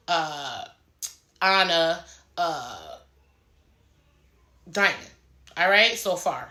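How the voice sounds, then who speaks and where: A woman speaks with a bright, forceful voice. She recaps a reality show in a loose, profane, animated way, slipping into the cast members' voices. The sound is roomy, with echo off the walls. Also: lowish voice. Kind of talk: casual recap commentary.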